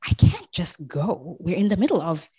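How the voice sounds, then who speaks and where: A woman's voice: lowish voice, very animated, normal speed, dark tone, husky, no echo, studio quality, exaggerated voice. A woman voicing a sick, anxious young wife who talks hesitantly and falters. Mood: uneasy.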